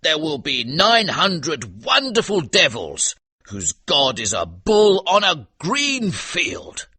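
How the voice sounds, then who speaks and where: A man's voice: a little high, wildly swooping pitch, slow pace, sharp tone, breathy edge, no room sound, pitched above the performer's own voice, full character voice. A man with a British accent playing a drunk army sergeant father in an audiobook, talking in a grand, prophetic way. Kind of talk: audiobook character reading.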